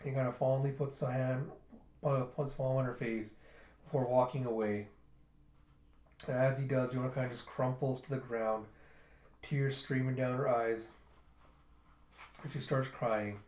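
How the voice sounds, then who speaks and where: A man talks through a story in an easy, offhand recap, pitched right in the middle for a man's voice. He keeps it loose and conversational with the odd "kind of" and "um", and the sound bounces around a roomy space. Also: fairly even intonation, measured pace, long pauses, a little mellow. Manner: loose, chatty retelling with fillers. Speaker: manga reader and reviewer. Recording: roomy echo.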